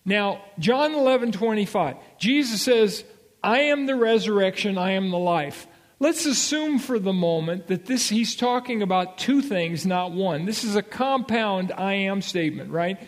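A man's voice: high voice, expressive, unhurried. A man giving an expository Bible lesson, emphatic and checking in with his listeners, repeating his key points. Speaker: Bible teacher.

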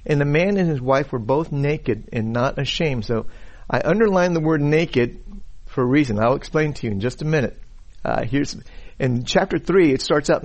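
Male preacher at a middle pitch, teaching scripture in a halting way that keeps repeating itself. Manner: many repeated words and restarts, stressed key words. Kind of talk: sermon-style Bible teaching. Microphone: uses a pointer and slides.

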